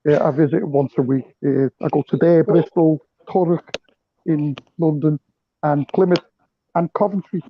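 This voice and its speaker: A man's voice: a little high, steady tone, normal speed, narrow, tinny audio, slight background noise. A man from Liverpool calling in to a casual live stream, telling jokey stories. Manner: joking storyteller. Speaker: caller. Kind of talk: casual chat.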